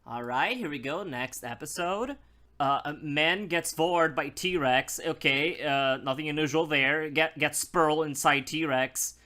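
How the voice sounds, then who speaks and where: A man giving casual commentary as a gaming YouTuber, halting and stammering in a sheepish way. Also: fairly high pitch, sharp tone.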